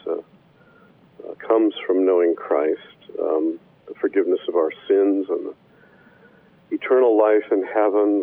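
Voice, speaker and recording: A man from Wisconsin, a professor and minister, answering interview questions in a measured way with many pauses and fillers. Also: sits low, gravelly. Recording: phone-line radio call.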